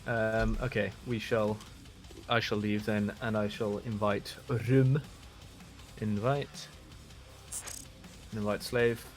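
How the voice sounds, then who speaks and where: A man casting a live online match, talking in a relaxed, chatty way and often restarting his sentences. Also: lowish voice, takes it slowly, pauses often, soft background music. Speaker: esports caster. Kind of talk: casual live game commentary.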